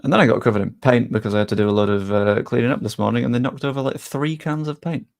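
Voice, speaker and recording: A man's voice: medium pitch, quick pace, vocal fry. A man chatting casually on a live stream, rambling a little and answering viewers' messages. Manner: rambling, reads chat aloud and answers it.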